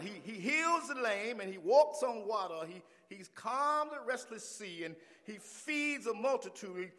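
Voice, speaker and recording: A male pastor preaching a sermon, swinging from hushed lines to shouted refrains. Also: high voice, expressive, a little slow, few pauses, in a large hall.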